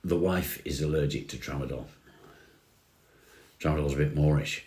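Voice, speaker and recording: A man's voice: rumbling low, moderate pace, echoey room. A man hosting a casual livestream, chatting easily and replying to comments as he reads them. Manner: relaxed, chatty, says mate often. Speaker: livestream host.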